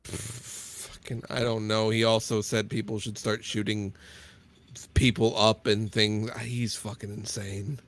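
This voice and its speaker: A man's voice: fairly low pitch, flat delivery, a little slow, fairly bright tone. A man chatting on a podcast, sardonic and profane, often sounding exasperated. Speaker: podcast co-host. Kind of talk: casual podcast banter.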